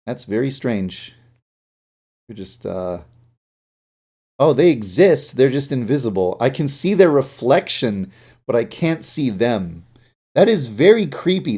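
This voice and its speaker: A sleepy man talks through his coding on a live stream from a home room, picked up on a desk mic. He mutters half to himself as he clicks around, cracks little jokes, and his voice sits at an ordinary middle pitch. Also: darkish tone. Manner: mutters to himself while working, with jokey asides. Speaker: indie game developer streaming.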